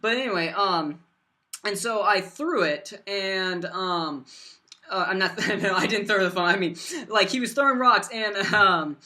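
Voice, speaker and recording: A teenage boy vlogger telling a rambling storytime, full of fillers and bursts of loud silly voices. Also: sits high, unhurried. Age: teens.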